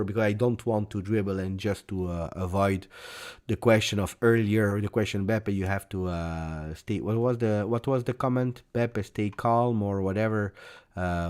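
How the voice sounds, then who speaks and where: A man's voice: lowish voice, a little mellow. A man hosting a live post-match fan reaction, speaking in a passionate, emphatic and rambling way. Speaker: football channel host.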